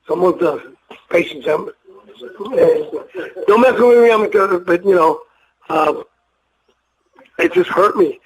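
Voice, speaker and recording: A slightly high-voiced older man, a wrestler in his day, speaks at a normal speed over a rough recording with some background noise. He tells meandering, foul-mouthed, emotional stories in a relaxed interview, impersonating the people he describes.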